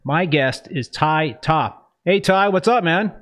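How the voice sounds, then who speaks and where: A man's voice: fairly high pitch, expressive, slow, fairly bright tone. A man hosting a live-streamed hobby interview show, upbeat, reading a scripted introduction and then chatting loosely with his guest. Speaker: host of a live-streamed reef-keeping show.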